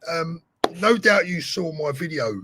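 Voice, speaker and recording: A man's voice: fairly high pitch, expressive, measured pace, noisy background. A male host chatting on a live stream, earnest, telling his news in short bursts. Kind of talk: casual live-stream chat.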